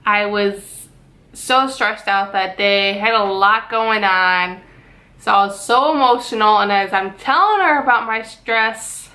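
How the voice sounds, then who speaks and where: A young woman vlogger retelling a stressful day at home, animated and dramatic, tossing out rhetorical questions. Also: mid-range voice, measured pace. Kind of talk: storytelling vlog. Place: home garage and yard, outdoors at times.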